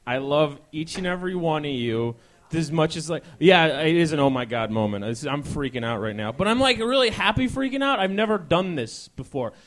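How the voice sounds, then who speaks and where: A man in his twenties hosting a live talk show on stage, rambling, self-mocking and excitable. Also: a little high, a little fast. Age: 20s. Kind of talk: live stand-up style talk show chat. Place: ballroom stage before a live audience.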